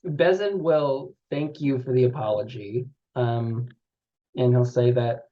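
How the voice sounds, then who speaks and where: A man narrating as the game master of a tabletop game, relaxed and laid-back, over dull lo-fi stream audio. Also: medium pitch, takes it slowly.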